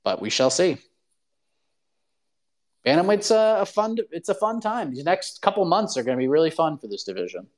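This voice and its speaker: Male host, casual live chat, lively and opinionated, fairly high voice. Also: moderate pace, pauses often. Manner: animated, opinionated. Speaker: show host. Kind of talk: casual talk show chat.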